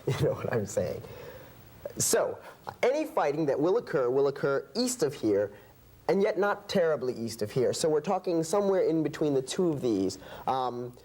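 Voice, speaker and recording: An actor doing a confused expert who keeps losing his place on a map, full of ums and false starts. His voice is mellow and dark, but his pitch swings widely as he fumbles. It is a comedy sketch. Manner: hesitant, rambling, full of ums. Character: bumbling male foreign terrain expert.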